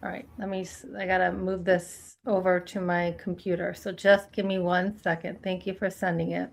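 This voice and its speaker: A woman's voice: lowish voice, little pitch movement, moderate pace, creaky. A woman hosting a casual livestream, chatting with guests, laughing often and reading documents aloud. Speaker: livestream host.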